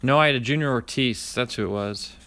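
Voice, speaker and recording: A brisk card-opening vlogger with a medium-pitched, sharp-toned voice gives casual commentary on a dry recording. He calls out each card name in a running list and speaks to live viewers by name.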